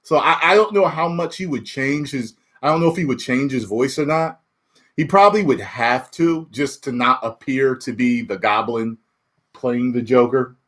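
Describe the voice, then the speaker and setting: A man's voice: mid-range voice, normal speed. A man and YouTube reviewer in casual spoiler talk, reading chat questions aloud and laughing often. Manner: animated, laughing, swings between loud and muttered.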